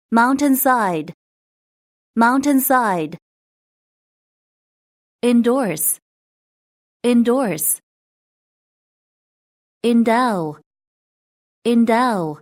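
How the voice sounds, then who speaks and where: A woman reading a vocabulary list for study, saying each word twice with even, careful enunciation. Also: on the high side. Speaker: vocabulary reader.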